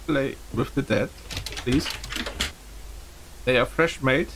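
Nervous gravelly man streaming a horror game. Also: mid-range voice, animated, extremely slow, pauses often. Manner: nervous, calling out to ghosts, chatty. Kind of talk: horror game let's play. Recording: noisy stream audio.

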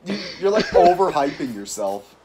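A man's voice: fairly high pitch, sing-song, moderate pace, a loud crowd. A man bantering and teasing while he plays a video game, laughing often. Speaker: gaming YouTuber, speedrunner. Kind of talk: casual gaming banter. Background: background music.

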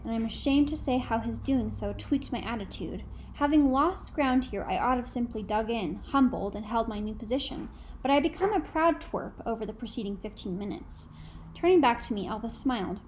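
A woman narrates a first-person novel as an audiobook, telling it in a measured, reflective way. Her voice sits somewhat high, and a faint background noise runs underneath. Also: darkish tone, poor audio.

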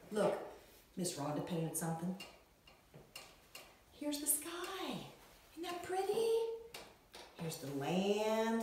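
A middle-aged woman teaching a Sunday school lesson to young children, with an animated, sing-song way of talking. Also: mid-range voice, slight background noise. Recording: echoey room, from far off.

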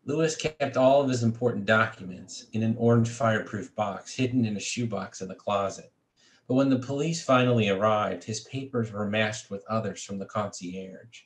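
A man reading his own fiction aloud at a steady, measured pace, now and then restarting a phrase. His voice sits low, and the room gives it a clear echo. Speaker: creative writing faculty reader. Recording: echoey room.

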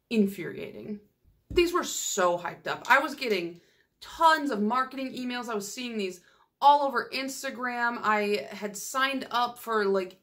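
A woman's voice: on the high side, sharp tone. A young woman hosting a nail polish channel, chatting casually and teasing herself with playful exaggeration. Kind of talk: casual vlog chat.

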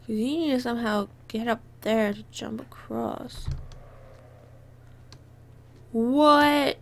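A woman's voice: a little high, slow pace, gravelly. A young woman giving chatty let's play commentary, bubbly and easily distracted, often apologizing, and a little under the weather. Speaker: gamer.

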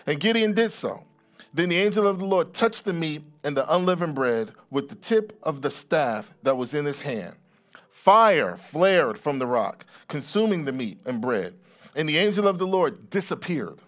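A man's voice: a little high, very animated, normal speed. A middle-aged man preaching a sermon as pastor, reading scripture aloud and explaining it in a conversational way, often restarting and repeating words.

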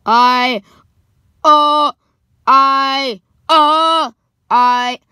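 A frightened little girl in a storybook stammers in a loud panic, as a woman reading aloud puts her on. Her voice sits a little high and bright. The sound is close and dry. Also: a little slow, dry recording. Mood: panicky. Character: frightened young girl with a twisted ankle.

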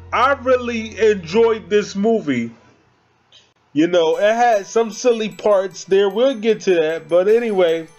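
A man's voice: high-pitched, a little mellow, lo-fi sound. A man giving a casual, chatty movie review, slangy and talking straight to his viewers. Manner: slangy, chatty, addresses viewers as guys and bro.

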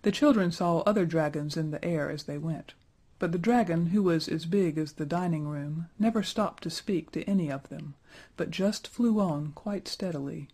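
A man narrates a fairy tale aloud, steady and even in his reading. His voice sits warm and mellow with a husky grain. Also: on the high side, moderate pace, hardly any pauses. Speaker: storyteller. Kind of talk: storybook narration.

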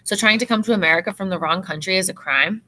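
A woman's voice: mid-range voice, quick pace, bright, forceful tone, a little hiss or hum, natural voice. A woman reading aloud as a teenage girl who talks in a blunt, teasing way.

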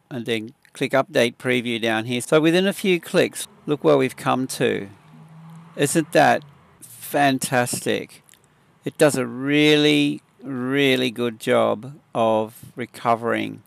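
A man with a gravelly, slightly creaky voice walks through a photo edit in an easygoing, chatty way. The sound is close and dry, with no room echo. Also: mid-range voice. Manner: relaxed, conversational, explains step by step with fillers. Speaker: photography tutor. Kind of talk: casual software tutorial.

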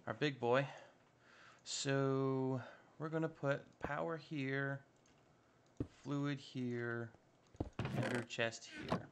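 A man's voice: mid-range voice, fairly even intonation, drawn-out words, long pauses, slight background noise. A man giving casual, upbeat commentary while playing a modded block-building game, chatting to himself as he builds. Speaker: Minecraft modpack let's-play host.

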